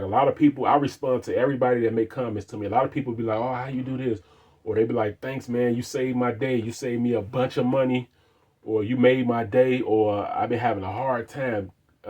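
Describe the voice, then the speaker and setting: A man's voice: medium pitch, a little mellow. Male DIY vlog host, casual motivational talk, rambling and earnest, medium voice. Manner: rambling, repeats words, earnest and encouraging. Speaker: car DIY channel host.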